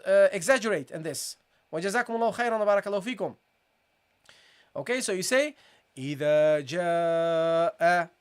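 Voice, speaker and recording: A recitation teacher runs a live online tajweed lesson in a mid-pitched voice. The teacher drills each syllable slowly and repeats every rule. The teacher also keeps addressing viewers as "guys" and urges them to answer in the chat. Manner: repetitive, keeps calling the audience "guys"; asks for chat responses, encouraging.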